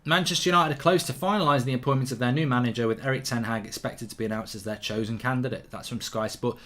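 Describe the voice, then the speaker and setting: A man hosting a live football watchalong, reading viewer comments aloud and answering them with quick, opinionated asides. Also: mid-range voice, expressive, fairly bright tone. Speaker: host.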